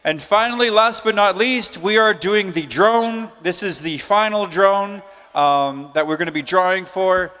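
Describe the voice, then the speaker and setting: A man with a high, light voice calls out prize winners at a live conference. He speaks in a loose, joking, chatty way. His voice rings with a long reverb from the big hall around him. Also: unhurried, few pauses, sharp tone, clean tone. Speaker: emcee drawing prize winners.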